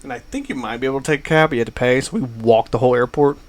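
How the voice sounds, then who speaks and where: A man's voice: medium pitch, rapid-fire. Guy on a podcast rambling through a travel story, lots of uh and like. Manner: rambling anecdote with many fillers. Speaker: podcast co-host. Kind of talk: casual storytelling chat.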